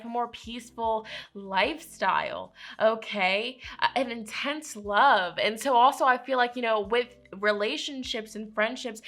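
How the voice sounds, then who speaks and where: A woman's voice: on the high side, pushed and bright. A woman giving a casual weekly tarot forecast, chatty and playful, often checking in with listeners. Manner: playful slang and quick laughs. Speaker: tarot reader.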